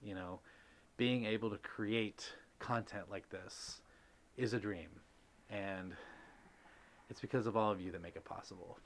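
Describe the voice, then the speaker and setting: A man's voice: on the low side, fairly even intonation, unhurried, long pauses. A man hosting a live stream, speaking in a heartfelt, rambling way with many fillers, greeting viewers and reading chat messages aloud. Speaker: livestream host.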